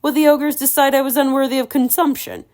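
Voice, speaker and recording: A woman's voice: sits high, steady tone, brisk, a little mellow, pitched above the performer's own voice, natural voice. A woman reading aloud, voicing a wry, good-humored young prince from a storybook. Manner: wry, joking.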